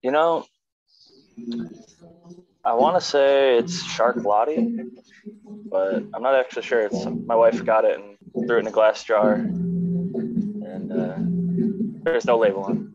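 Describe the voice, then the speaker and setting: A man's voice: mid-range voice, very animated, a little slow, long pauses, a little mellow. An easygoing man chats casually as a guest, dropping swear words freely. His audio comes through dull and lo-fi. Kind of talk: casual chat.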